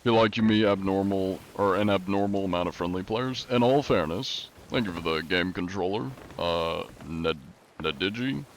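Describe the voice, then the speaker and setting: A young adult man livestreaming, chatting casually with his viewers in a relaxed, rambling way with many fillers. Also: sits low, moderate pace, slight background noise. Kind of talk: casual chat with stream viewers.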